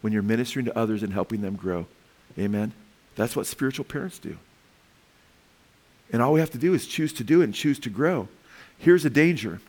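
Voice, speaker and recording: A man's voice: mid-range voice, animated, a little fast, long pauses, darkish tone. A male pastor delivering a sermon in a mid-range voice. He preaches with energy and humor, now and then asking the congregation for an "Amen?".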